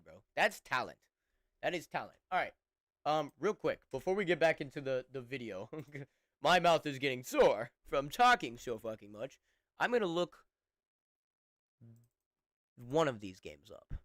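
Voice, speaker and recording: A man's voice: fairly high pitch, a bit bright, dry recording. Profane young male streamer, close and dry. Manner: profane, rambling, laughs often. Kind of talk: casual stream chat.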